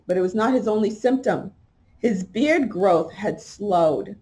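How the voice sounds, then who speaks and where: A woman's voice: medium pitch, expressive, a little slow, mellow. A woman hosts a talk show and comments on an article as she reads it aloud. She talks straight to her listeners, often asking them questions. She stresses her points by repeating key words. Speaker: podcast host. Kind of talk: commentary while reading from an article.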